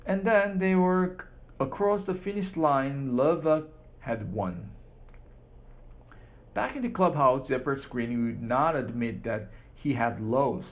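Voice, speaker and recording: Man slowly reading a kids book out loud, stumbling over words, tinny phone sound. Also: mid-range voice, lively intonation. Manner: halting, repeats and corrects words. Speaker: reader. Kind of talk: practice reading aloud of a children's book.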